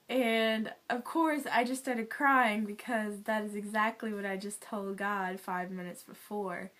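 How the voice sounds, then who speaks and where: Young woman, earnest, emotional, sighing, soft near-whisper, faith testimony, mid-pitched voice. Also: steady tone, unhurried, hardly any pauses. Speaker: guest sharing a testimony.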